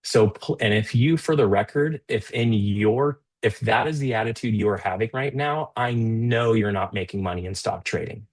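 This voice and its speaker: A man's voice: fairly low pitch, moderate pace, hardly any pauses. A man hosting a live trading stream, talking through the market casually with fillers and restarts. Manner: conversational, with many fillers and restarts; stern and scolding toward a rude chatter. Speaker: live trading show host.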